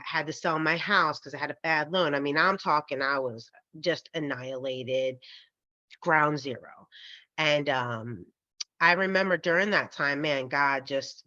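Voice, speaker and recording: A podcast co-host with a low voice tells a personal faith story casually and animatedly, laughing often and acting out the voices of the people she quotes. Her faith-centered talk is full of fillers like "um" and "like," and the lo-fi recording sounds slightly dull.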